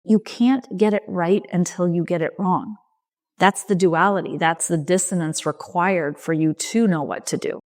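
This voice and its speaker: Gentle, low-voiced woman coach. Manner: gentle, reassuring, speaks slowly in short phrases. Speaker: leadership coach and podcast host. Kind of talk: reflective solo podcast talk.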